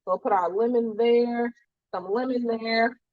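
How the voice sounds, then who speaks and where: A woman's voice: fairly high pitch, fairly even intonation, unhurried, muffled recording. A woman with a fading New Jersey accent hosting a live cooking demo, chatting with viewers as she cooks. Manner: upbeat, chatty, reads viewer comments. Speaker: cooking show host.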